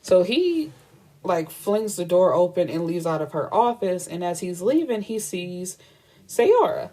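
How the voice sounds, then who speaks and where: A woman's voice: on the low side, lively intonation, measured pace, mellow. A woman retelling a book's plot in a casual, blunt and profane way, acting out the dialogue as she goes. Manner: blunt, profane, chatty storytelling with quoted dialogue. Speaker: book reviewer.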